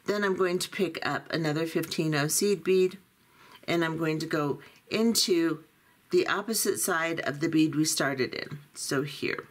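A woman teaching a beading tutorial, calmly talking through each step as she works. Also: deep voice, a little slow. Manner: calm, methodical, talks through each step. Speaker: beading instructor.

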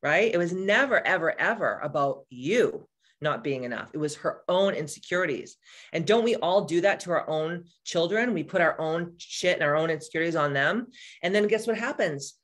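A woman's voice: fairly low pitch, moderate pace. A woman in her forties, a spiritual coach, talking casually to live-stream viewers in a blunt, profane and candid way. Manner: animated, answers viewers by name.

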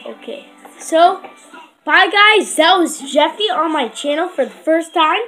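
A woman's voice: very high-pitched, lively intonation, measured pace, bright, forceful tone, faint music behind, poor audio. A young female host chatting casually to viewers of her home video channel. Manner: chatty, addressing viewers directly.

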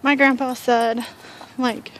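A woman with a high-pitched voice chats to her camera from the porch, taking her time and rambling with plenty of fillers. A faint hiss of outdoor noise sits under her voice. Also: little pitch movement, takes it slowly, fairly bright tone. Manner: chatty, rambling, with frequent fillers and sighs. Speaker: vlogger. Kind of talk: casual storytelling vlog.

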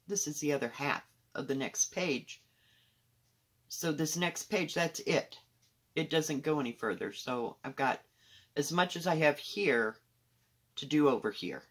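A woman casually showing her cross-stitch projects at home, rambling candidly with soft muttered asides. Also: low-pitched, husky. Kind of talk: casual show-and-tell chat.

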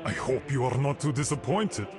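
A man's voice: mid-range voice, animated, moderate pace, natural voice. An actor with a Russian accent playing a suspicious, stern male program, clipped in speech. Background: game music.

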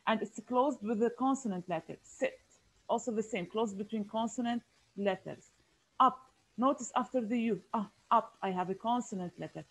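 A woman, her voice sitting a touch high, leads a phonics class over a video call. She explains slowly and patiently, repeating each key word and pausing on small fillers. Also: slightly rough, poor audio. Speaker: teacher. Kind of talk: online phonics lesson.

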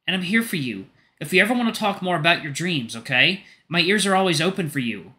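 A man voicing a gentle, caring male dog who works as a doctor, earnest and apologetic. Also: on the high side, lively intonation, fast talker, pitched above the performer's own voice.

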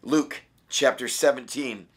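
A man with a raspy voice, a pastor giving a short daily devotional, reading scripture and talking earnestly and conversationally. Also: mid-range voice, a little slow, fairly bright tone. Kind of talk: daily devotional Bible study.

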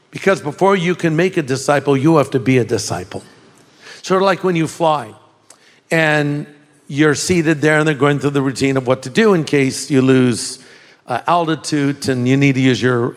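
A man's voice: on the high side, moderate pace, long reverb tail. An older man preaching a sermon as a pastor, telling folksy stories with laughter and emphatic repetition.

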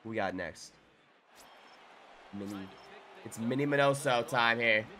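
A young man giving live gameplay commentary, muttering to himself one moment and shouting in excitement the next. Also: medium pitch, a little slow. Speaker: gaming YouTuber.

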